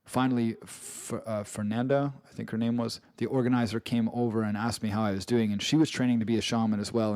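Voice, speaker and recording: A man's voice: on the low side, a little mellow, no echo. Earnest English man telling his story. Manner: earnest, with restarts and repeated phrases. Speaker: author narrating his own audiobook. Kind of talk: first-person memoir narration.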